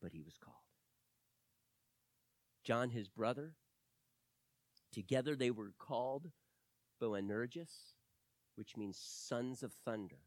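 Animated male preacher in a dry sound. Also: medium pitch, slow, pauses often, no echo. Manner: animated storytelling, swings from loud to hushed. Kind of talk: sermon.

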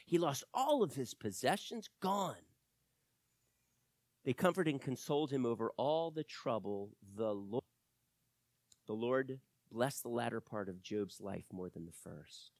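A man preaching a sermon to his church, swinging between quiet explanation and loud emphatic passages. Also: medium pitch, no echo. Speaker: pastor.

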